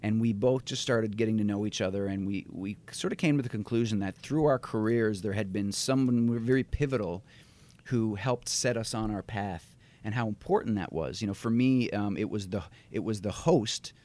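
A man from Newfoundland who talks in a neutral accent, chatting as a podcast guest in an animated, storytelling way with quick restarts. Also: fairly low pitch. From Newfoundland, Canada. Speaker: guest filmmaker. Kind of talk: casual interview chat.

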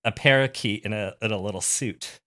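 A man with a lowish, bright, forceful voice, chatting casually on a podcast. He giggles a lot as he goes along. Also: a little fast. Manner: giggly, laughs often while talking. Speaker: podcast co-host. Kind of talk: casual chat.

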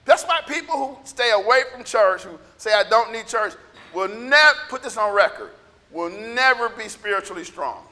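A man preaching a sermon as pastor, with a scratchy, gravelly voice and impassioned bursts of shouting. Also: high-pitched, expressive, normal speed. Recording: echoey hall reverb.

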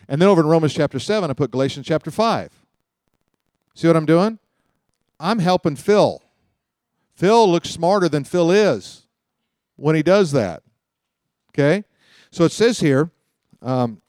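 A man teaching from the Bible in a lively, joking way, telling stories to his class. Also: a little high, unhurried, long pauses, dry recording, clean studio sound. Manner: animated, joking, storytelling. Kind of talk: teaching sermon.

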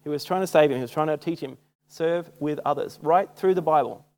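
A man's voice: on the high side, brisk, darkish tone. A young Australian man preaching a sermon in a casual, self-mocking storytelling way. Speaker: church speaker. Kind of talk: sermon with personal stories.

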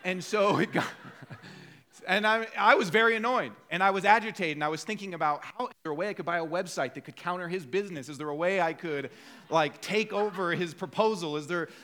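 Bright, high-voiced male pastor preaching. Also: fairly quick. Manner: animated storytelling with acted-out quotes. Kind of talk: sermon.

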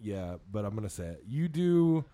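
A man's voice: on the low side, very animated, normal speed, warm tone. A young adult man co-hosting a podcast, rambling with lots of fillers, restarts and casual swearing. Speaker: podcast host. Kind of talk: casual chat.

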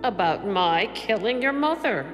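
A cool, taunting female double from an old radio drama, played by an actress, who speaks slowly with a lively, swooping pitch. Her voice carries a long hall reverb under loud music. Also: natural voice. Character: cold sinister female double, calm killer. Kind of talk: 1940s radio acting.

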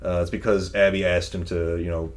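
Young male co-host, lowish voice, loose rambling chat, frequent laughs, casual swearing. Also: level tone, a little fast. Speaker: podcast co-host reviewing a movie.

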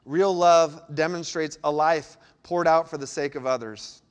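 A man pastor preaching a sermon, swinging between lively emphasis and quiet, intense passages. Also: fairly high pitch, measured pace, smooth. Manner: dynamic delivery, sudden drops to quiet intensity.

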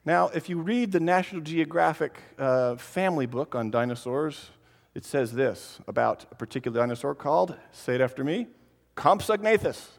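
Animated man speaking in a reverberant hall. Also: mid-range voice, moderate pace, vocal fry. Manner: animated, playful, addresses kids directly. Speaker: creationist speaker. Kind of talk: lively conference talk to families.

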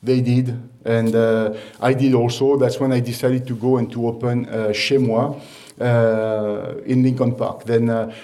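A chef and restaurant owner giving an informal talk to an audience, halting with many fillers and restarts. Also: male voice, mid-range voice, level tone, dark tone. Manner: storytelling, laughs at own anecdotes.

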